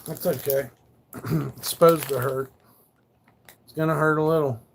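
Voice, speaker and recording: A man's voice: a little high, steady tone, measured pace, creaky, slight background noise. A man telling rambling, profane stories on a casual livestream, laid back and loose. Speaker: live streamer.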